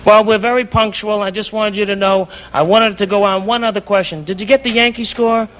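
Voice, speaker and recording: A man putting on a fussy older male violinist with a London accent, who speaks haltingly with false formality. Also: high-pitched, flat delivery, a crowd in the background, voice pushed up, close to an everyday voice. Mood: mock-formal.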